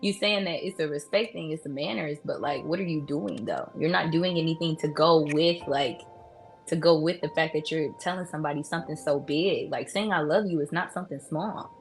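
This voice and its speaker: A woman's voice: deep voice, a little fast, faint music behind. A woman making her case in a casual debate, assertive and pointed, pressing with questions. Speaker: debate contestant.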